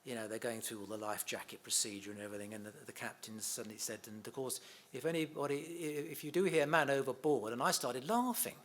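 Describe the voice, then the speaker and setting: A man's voice: medium pitch, fast talker, few pauses. A middle-aged man shares stories about his father in a chatty interview. He laughs often and acts out the quotes as he goes. A faint noise sits under the recording. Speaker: interviewee, son of a comedian. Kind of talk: anecdotal interview chat.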